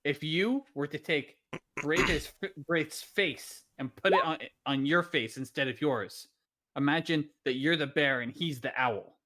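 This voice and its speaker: Rambling, excitable man at the game table. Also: on the high side, a little slow. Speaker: player. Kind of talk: casual chat.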